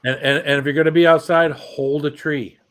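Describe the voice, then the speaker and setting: A man's voice: fairly high pitch, steady tone, a little fast, background noise. Man hosting with crude jokes. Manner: crude humor, friendly sign-offs. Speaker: host of a live stream. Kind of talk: casual chat.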